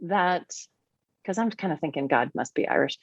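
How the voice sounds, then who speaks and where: An animated, expressive woman talks through her ideas as a podcast guest, her fairly low voice leaping up in pitch when she gets excited. The sound is dry and close, with a dull lo-fi quality. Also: normal speed, creaky, slightly rough, no room sound. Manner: animated, warm and expressive, with big swings in pitch. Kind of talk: conversational podcast interview.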